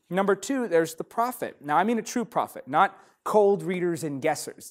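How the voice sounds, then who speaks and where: A young adult man, a pastor, teaching a sermon with lively, emphatic stresses. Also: a little high. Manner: emphatic, lively preaching with sudden loud stresses.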